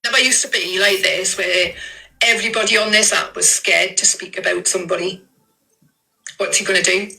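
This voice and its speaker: Guest on a live, gravelly and bright, blunt and dismissive, swears a lot. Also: medium pitch, steady tone, moderate pace, low-quality recording. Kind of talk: casual livestream chat.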